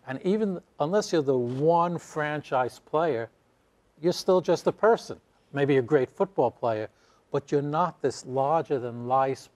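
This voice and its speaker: A man's voice: a little high, a little slow, darkish tone. A man in an interview, explaining a point thoughtfully in a conversational way.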